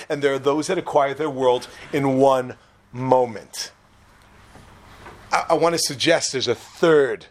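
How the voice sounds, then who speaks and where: A man teaching a Torah class in an animated way, quizzing his listeners and laughing at his own jokes. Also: on the high side, normal speed. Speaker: religious teacher.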